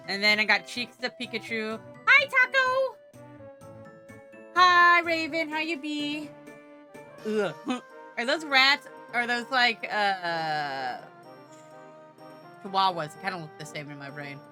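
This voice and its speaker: A woman's voice: medium pitch, fairly even intonation, measured pace, sharp tone. A young woman streaming live, chatting playfully and goofily to her viewers with sing-song repetition. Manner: chats directly to viewers in chat. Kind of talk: casual live-stream chat. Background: faint background music.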